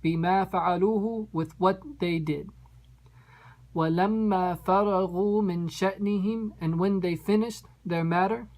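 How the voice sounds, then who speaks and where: A woman's voice: fairly low pitch, fairly even intonation, racing, darkish tone, poor audio. A woman teaching an Arabic text, reading each phrase and then translating it word by word and explaining its grammar. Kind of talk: line-by-line text translation lesson.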